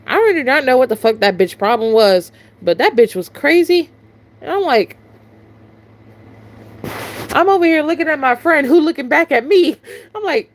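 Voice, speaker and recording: A woman's voice: sits high, lively intonation, moderate pace. Profane, exasperated young woman vlogger. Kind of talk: casual storytime chat.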